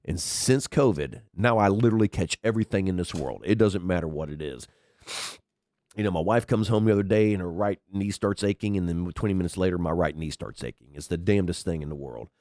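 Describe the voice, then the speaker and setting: A man's voice: lively intonation, brisk, a little mellow, no echo. A man hosting his own podcast, sick and congested with sniffles, talking in a rambling, chatty commentary and swearing freely into a headset mic. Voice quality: unusually deep from a cold. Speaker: podcast host. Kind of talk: casual commentary monologue.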